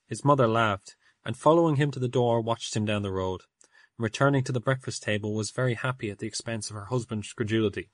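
A man narrating an audiobook in a measured storytelling manner. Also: fairly low pitch, no room sound. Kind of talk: audiobook reading.

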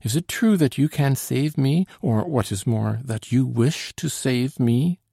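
A man's voice: mid-range voice, animated, a little slow, gravelly, dark tone, breathy edge, no room sound, clean studio sound, voice pushed up, full character voice. A man reading an audiobook, voicing a dignified aristocratic father of about fifty who speaks formally and earnestly.

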